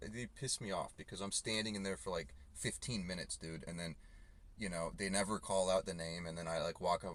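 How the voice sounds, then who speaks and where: A delivery driver with a low, slightly bright voice rants in a loose, rambling way, swearing throughout, for a casual vlog. He's recording on a phone inside his car.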